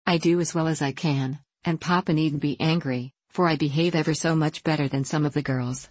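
A woman voicing a fashionable, petulant older girl who frets and pleads, in a low voice. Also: fairly even intonation, a little fast, a little mellow, husky, dry recording. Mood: fretful. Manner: petulant, fretful.

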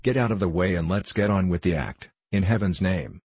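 A man's voice: low-pitched, brisk, darkish tone, slightly rough, no room sound. A man voicing a pompous, temperamental star actor with icy, theatrical outbursts, in an audiobook reading. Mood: exasperated. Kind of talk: audiobook character voice.

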